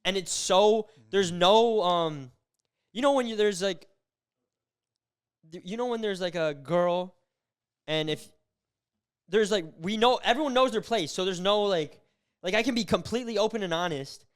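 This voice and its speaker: A young man chats on his podcast in a rambling, animated way, filling his stories with fillers. His voice sits a little high and sounds smooth and crisp. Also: moderate pace, pauses often. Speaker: podcast co-host. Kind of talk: casual chat.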